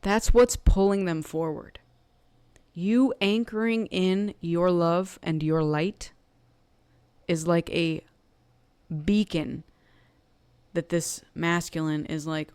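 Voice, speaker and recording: A chatty woman doing a casual tarot love reading, full of fillers and quick asides. Her voice sits a little low and sounds smooth and clear. The sound is dry, with no room echo. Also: fairly even intonation, darkish tone. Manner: chatty, filler-heavy, slips into acting out quoted thoughts. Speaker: tarot card reader.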